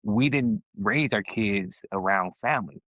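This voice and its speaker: Getting heated in a casual podcast conversation, this co-host speaks emphatically and keeps restarting sentences. He talks a little slowly in a lowish, slightly bright voice, captured in a dull, dry, lo-fi recording.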